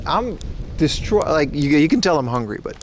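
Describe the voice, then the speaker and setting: Dutch-accented male livestreamer, slightly high voice, loose rambling chat with viewers, faint street hum behind. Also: sing-song, moderate pace. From Netherlands. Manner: rambling, chummy, addressing chat as bro. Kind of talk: casual IRL livestream chat. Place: walking outdoors and through a supermarket.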